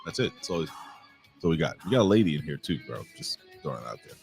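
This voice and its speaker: A middle-aged man hosts a live wrestling review, rambling and swearing as he greets chat viewers by name. His voice sits very low, but his pitch moves around a lot. Faint music plays underneath. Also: big pitch swings, quick pace, vocal fry, a little mellow. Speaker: wrestling review show host. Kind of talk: casual live-stream chat.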